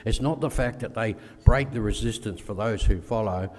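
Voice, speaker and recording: A man's voice: lowish voice, normal speed, long reverb tail. An older Australian man giving a folksy speech with stories, acting out voices in his anecdotes. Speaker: guest speaker.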